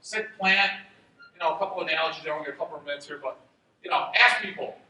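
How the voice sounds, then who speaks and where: A man giving a motivational talk on stage to a live audience, going from fired-up shouts to hushed asides. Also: a little high, fast talker. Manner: energetic, shouting at peaks, drops to a hushed aside. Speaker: chiropractor speaking at a seminar. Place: large event hall with an audience. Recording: roomy hall reverb, heard from a distance.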